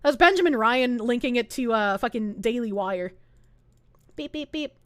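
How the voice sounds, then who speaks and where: A woman's voice: fairly high pitch, expressive, normal speed, dry recording. A woman streamer ranting live in heated, sarcastic, profane commentary. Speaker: Twitch streamer.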